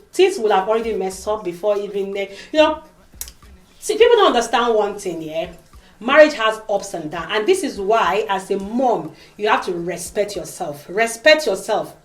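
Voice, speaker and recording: At a normal pace and in a mid-range voice, a woman talks through an emotional, emphatic casual vlog. The echoey room carries her animated delivery as she acts out the voices of people she quotes.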